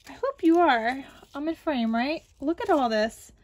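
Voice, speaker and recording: High-voiced woman gushing over crafts. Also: lively intonation, measured pace, slight background noise. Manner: gushing, exclaims often. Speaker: crafting channel host. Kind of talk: unboxing vlog.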